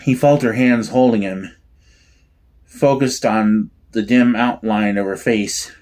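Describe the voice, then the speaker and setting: Slow halting man reading aloud. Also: lowish voice, a little mellow. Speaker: audiobook reader. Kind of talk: amateur audiobook narration.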